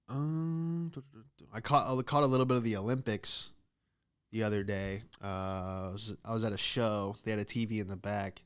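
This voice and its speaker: Rambling American comic, smooth voice. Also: male voice, a little slow, pauses often, a bit bright. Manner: rambling storyteller, acts out quotes in squeaky high voices. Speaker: podcast host. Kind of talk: casual comedic monologue.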